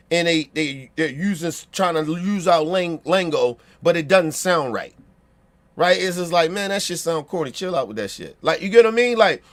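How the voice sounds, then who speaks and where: A man's voice: sits high, fairly bright tone. A man with a Baltimore accent giving a blunt, profane opinion rant, repeating himself and checking that listeners agree.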